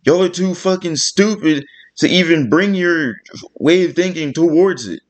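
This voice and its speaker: A man's voice: on the high side, unhurried. A man delivering a blunt, profane, exasperated rant to camera as a vlogger. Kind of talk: ranting vlog monologue.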